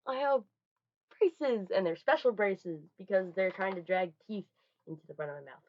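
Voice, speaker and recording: A young woman chatting casually through a holiday haul, rambling and restarting, with sudden loud bursts. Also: mid-range voice, expressive, moderate pace. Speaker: vlogger. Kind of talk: casual show-and-tell haul. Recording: dull lo-fi home recording.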